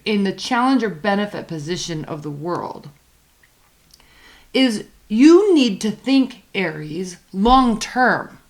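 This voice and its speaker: A woman giving a casual weekly tarot reading, chatty and emphatic, slowing down to stress her advice. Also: medium pitch. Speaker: tarot reader.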